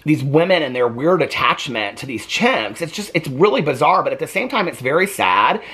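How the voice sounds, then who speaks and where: A man's voice: a little high, very animated, normal speed, sharp tone, husky. Man rambling through a casual TV review. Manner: rambling, conversational, with many fillers and restarts. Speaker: TV review vlogger.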